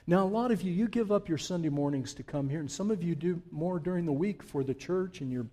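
A man's voice: on the high side, animated, a little fast, mellow. A man preaching an unscripted sermon to his congregation, talking from the heart in a conversational way that builds to fervent emphasis. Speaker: pastor. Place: church sanctuary.

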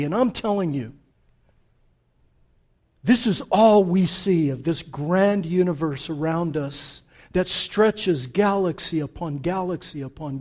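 A high-voiced man delivers a sermon to his congregation. He preaches with passion, climbing to urgent peaks and sinking into hushed, quiet stretches. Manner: impassioned, swinging from loud urgent peaks to hushed low passages. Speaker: pastor.

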